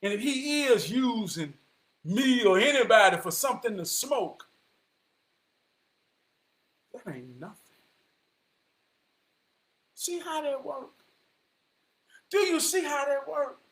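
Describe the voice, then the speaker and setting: A man delivering an impassioned motivational monologue, preaching his point and often rising to a shout. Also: extremely high pitch, big pitch swings, takes it slowly, long pauses. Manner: preachy, repeats "I promise you", rises to shouting. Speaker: vlogger giving life advice.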